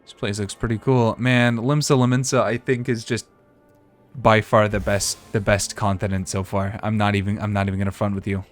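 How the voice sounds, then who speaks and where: A man giving casual, relaxed gameplay commentary as a streamer, chatting and thinking aloud. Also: fairly low pitch, normal speed, soft background music.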